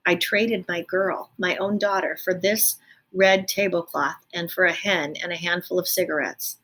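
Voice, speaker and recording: Brief: woman reading as a rough, plain-spoken storybook prisoner, weary and blunt. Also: lowish voice, steady tone, normal speed, fairly bright tone. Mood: gruff. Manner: blunt, folksy slang.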